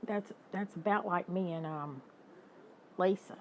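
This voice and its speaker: An older woman chatting casually with her livestream viewers, animated, greeting them by name and laughing often. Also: lowish voice, a little slow, a little hiss or hum, low-quality recording. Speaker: livestream host. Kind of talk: casual chat with live viewers.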